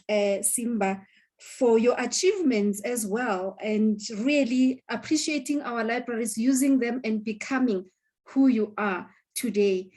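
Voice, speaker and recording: Slow, effusive woman emceeing an event. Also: on the high side, darkish tone. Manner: slow, effusive, celebratory praise. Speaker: program director.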